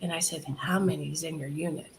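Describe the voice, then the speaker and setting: A woman in an interview telling her charity's story in an animated way, laughing often and quoting what others said. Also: low voice, fast, crowd noise. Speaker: charity founder guest.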